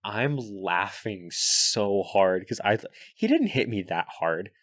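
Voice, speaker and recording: A young man chatting as a podcast guest, telling animated, swear-laden stories full of "like" and "dude". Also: fairly low pitch, slow pace, no echo, clean studio sound. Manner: animated storyteller, swears freely, fillers like "like" and "dude". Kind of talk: casual podcast chat.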